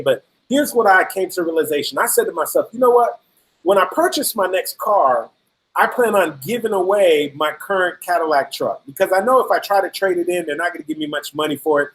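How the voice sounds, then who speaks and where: A man's voice: high-pitched, low-quality recording. A middle-aged man giving an emphatic motivational talk, telling a personal story and repeating key phrases for effect. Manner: emphatic, repetitive, storytelling with acted-out quotes. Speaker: motivational speaker.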